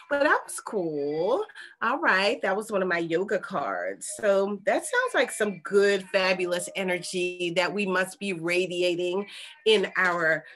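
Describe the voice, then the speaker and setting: A woman hosting a casual spiritual vlog, chatting in a relaxed, folksy way and reading from an oracle card. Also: medium pitch. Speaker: host and intuitive healer.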